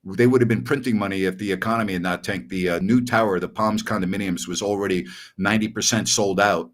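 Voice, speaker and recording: A middle-aged man and sports radio host telling a story in casual podcast chat, animated and acting out voices. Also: lowish voice, fast talker.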